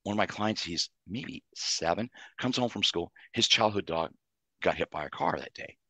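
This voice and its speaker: A man's voice: deep voice, expressive, moderate pace, pushed and bright, no echo. A man, a psychologist and author, giving earnest interview answers and explaining ideas in numbered lists.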